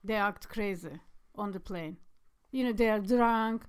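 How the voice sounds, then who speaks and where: Smooth-voiced woman chatting haltingly. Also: mid-range voice. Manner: halting, many fillers and restarts. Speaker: podcast co-host. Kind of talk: casual chat.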